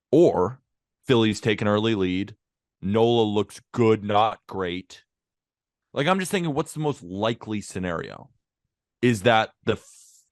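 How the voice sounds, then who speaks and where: A man co-hosting a casual sports podcast, chatty and quick to laugh, on a close mic. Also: lowish voice, dry recording. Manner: animated, laughs often, chatty. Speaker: podcast co-host.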